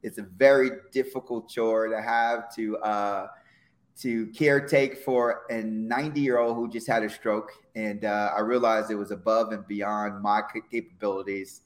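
A middle-aged former football player talking on a podcast in a relaxed, reflective way. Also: male voice, fairly low pitch, moderate pace. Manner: reflective, lots of fillers and restarts. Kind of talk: casual podcast conversation.

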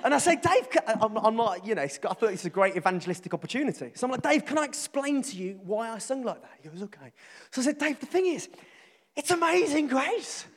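Brummie guy preaching, high-ish voice, jokey storyteller, big echoey church sound. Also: big pitch swings, fast talker. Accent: Birmingham English. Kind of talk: sermon with storytelling.

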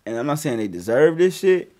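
A man casually telling a story on a podcast, profane and animated, with loud bursts as he acts it out. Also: fairly high pitch, fairly quick.

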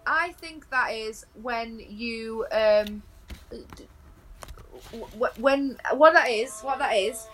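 A woman's voice: a little high, extremely slow, fairly bright tone, slight background noise. A woman co-hosting a podcast in casual chat, giggly and often restarting her sentences. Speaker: podcast co-host.

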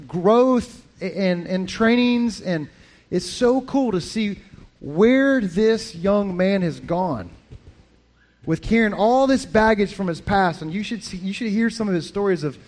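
A man preaching as a pastor, talking in a lively, conversational way with frequent restarts. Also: sits high, a little slow. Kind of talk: sermon.

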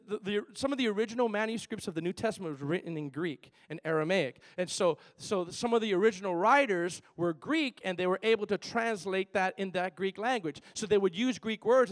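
A man preaching a sermon in an animated, playful way, moving between loud and soft. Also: high-pitched, a little fast, hardly any pauses. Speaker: pastor.

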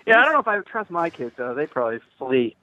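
A man's voice: a little high, very animated, fast, no echo, muffled recording. A man chatting as a guest on a sports radio show, wry and joking, slipping into little quoted voices. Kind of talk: casual sports radio banter.

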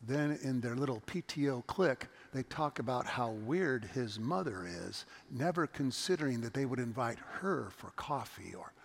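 Gravelly preacher in a big hall. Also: male voice, medium pitch, lively intonation, normal speed, few pauses. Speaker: pastor. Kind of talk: sermon.

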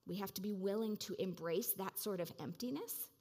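A woman delivers a sermon in a relaxed, conversational tone. Her voice sits in an ordinary middle register, and she speaks reflectively, often using casual fillers as she thinks aloud. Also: medium pitch, moderate pace. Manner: conversational, reflective, many "like" and "you know" fillers. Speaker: preacher.

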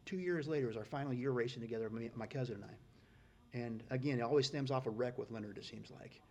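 Husky middle-aged guy spinning folksy yarns, gets loud and worked up at the punchlines. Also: medium pitch, fast. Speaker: guest storyteller. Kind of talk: casual storytelling.

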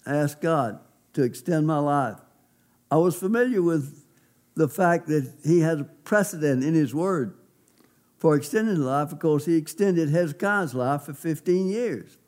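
Male pastor, slightly high voice, emphatic folksy testimony from the pulpit. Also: lively intonation, measured pace, a little mellow. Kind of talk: sermon testimony.

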